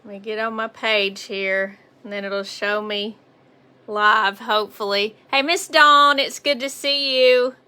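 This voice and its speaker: A woman with a Southern US accent talks her way through a live painting tutorial, recorded on a phone. Her voice sits a little high and sounds crisp and bright. She keeps up a friendly, chatty patter and greets her viewers by name. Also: steady tone, unhurried. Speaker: painting instructor on a livestream. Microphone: phone on a mount.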